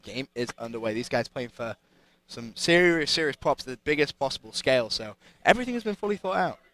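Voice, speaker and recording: A man's voice: medium pitch, lively intonation, a little fast, fairly bright tone. A man with a British accent, casting live esports in an enthusiastic, hype-building way. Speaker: esports caster.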